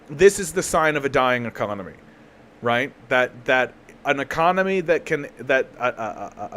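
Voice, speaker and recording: A man's voice: mid-range voice, a bit bright, a little hiss or hum. A man hosting a live political commentary stream, talking casually and sarcastically, swearing freely and often restarting his sentences. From Canada.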